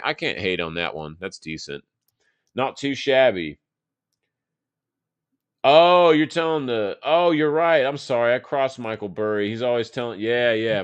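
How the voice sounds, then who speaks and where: A man's voice: lowish voice, fairly bright tone, smooth, no echo. A man in his thirties from Texas hosting a live market show, chatting casually and thinking aloud over charts, loose and profane with plenty of fillers. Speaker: market analysis host.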